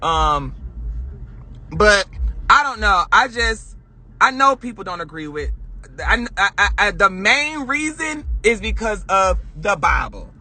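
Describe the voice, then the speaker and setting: High, bright-voiced man ranting in a car. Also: big pitch swings, takes it slowly. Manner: emphatic, swears often, addresses viewers directly. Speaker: vlogger. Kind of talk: heated casual rant to viewers. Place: parked car. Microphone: phone camera.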